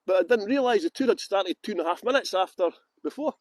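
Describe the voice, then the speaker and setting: High-voiced chatty Scottish man. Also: expressive, quick pace, no room sound. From Scotland. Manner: rambling, self-mocking banter, laughs often. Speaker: tour guide. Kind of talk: chatty live-stream greetings before a tour. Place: outdoors in botanical gardens.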